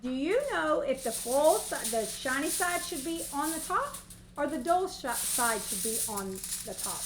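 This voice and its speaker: High-voiced, chatty Southern woman cooking. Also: animated, a little slow, echoey room, background noise. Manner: chatty and long-winded. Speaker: cooking livestream host. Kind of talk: casual cooking demonstration. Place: home kitchen. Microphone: movable mic near the stove.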